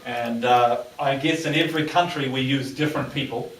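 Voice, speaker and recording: A man from New Zealand lecturing an audience and telling jokes in an animated way, acting out the characters' lines. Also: medium pitch, normal speed. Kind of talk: storytelling in a lecture. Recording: echoey room, distant mic, faint hiss.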